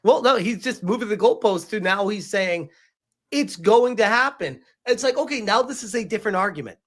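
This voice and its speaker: High-voiced exasperated host man. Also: expressive, fast talker. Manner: agreeing loudly, lots of "yep", exasperated. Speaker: stream host. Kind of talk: casual reaction chat.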